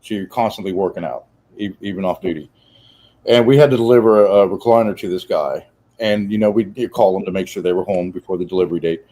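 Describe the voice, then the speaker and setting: A man in his forties telling an animated anecdote in casual chat. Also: sits low, quick pace, low-quality recording.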